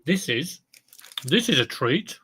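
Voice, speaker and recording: A man's voice: a little high, sing-song, slow, sharp tone, a little hiss or hum. A man chatting casually on his live stream as a clothes reseller, self-mocking, humming along and talking while he eats. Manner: chatty, self-mocking, breaks into song and talks while eating.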